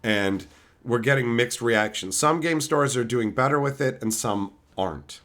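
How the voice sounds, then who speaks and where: A middle-aged man hosting a casual livestream, swearing freely and bouncing between chat topics. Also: measured pace. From Canada. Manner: animated, swears a lot, mimics chatters in high silly voices. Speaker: livestream host.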